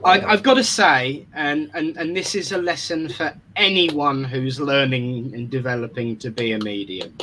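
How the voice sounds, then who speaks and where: Bright-voiced man hosting a service. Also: mid-range voice, moderate pace, few pauses, slight background noise, rough recording. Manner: chatty, affectionate, stumbles over restarts. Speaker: minister hosting an online service.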